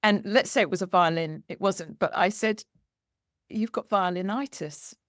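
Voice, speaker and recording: A woman hosting a conversation, telling a lively anecdote and acting out the dialogue as she goes. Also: mid-range voice, moderate pace, dry recording, clean studio sound. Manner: animated, acts out quoted dialogue with laughter. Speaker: podcast host. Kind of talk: storytelling in conversation.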